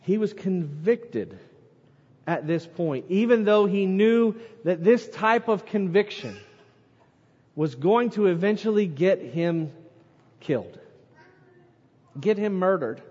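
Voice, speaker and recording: A man preaching a sermon, reading scripture aloud and swinging between loud emphasis and quiet, slow lines. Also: high-pitched, expressive. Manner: reads scripture aloud, dramatic swings in loudness and pace. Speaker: pastor. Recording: muffled sound with long hall reverb.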